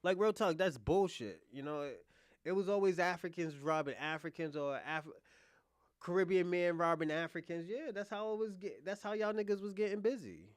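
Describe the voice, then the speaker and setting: Guy streaming and going off at his chat, swearing a lot, kinda high voice, dry close mic. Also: moderate pace, no echo. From United States. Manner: blunt, profane, talks back to chat with loud bursts. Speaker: livestream host. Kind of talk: casual livestream commentary answering chat.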